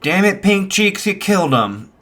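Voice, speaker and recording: Man playing a cocky teen rival, sarcastic, low-key delivery. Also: expressive, a little slow, a bit bright. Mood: teasing. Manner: sarcastic, teasing. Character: young man, brash and teasing.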